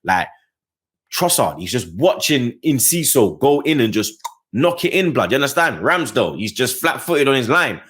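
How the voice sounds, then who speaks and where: A man's voice: very animated, moderate pace, a bit bright, breathy edge. A man giving a casual football match review, full of slang and constant asides to the listener, his voice jumping up on the points he cares about. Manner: slangy, keeps adding "blood, you get me"; passionate, rising pitch on key points. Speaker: football fan channel host.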